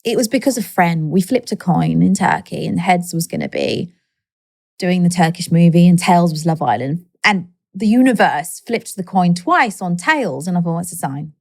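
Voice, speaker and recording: Speaking at normal speed in a lowish voice, a thirty-something interview guest shares her story candidly, animated and quirky, voicing the people she quotes. The studio sound is clean and echo-free.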